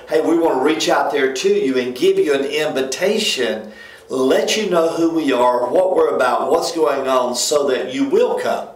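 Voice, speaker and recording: A man, a pastor co-hosting a church ministry talk show, speaking in an emphatic, folksy way. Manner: emphatic, folksy, rises high when mocking others. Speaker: pastor and co-host. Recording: roomy echo.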